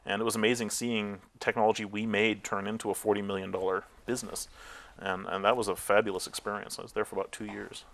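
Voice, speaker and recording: A man's voice: on the low side, little pitch movement, fast, vocal fry, fairly bright tone. A man interviewed as a tech company founder, telling candid stories about his career with frequent fillers and laughing at himself.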